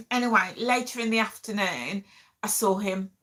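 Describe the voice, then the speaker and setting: A woman's voice: mid-range voice, normal speed, fairly bright tone. A middle-aged woman, casually telling an emotional story to her viewers as a vlog host. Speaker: vlogger host.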